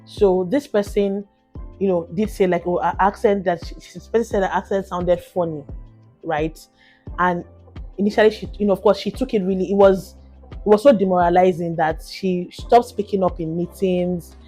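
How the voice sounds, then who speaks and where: Nigerian woman co-host, rapid and animated, faint music under her, chatty podcast talk. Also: on the low side. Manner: fast-talking, animated, repeats herself. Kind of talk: casual chat.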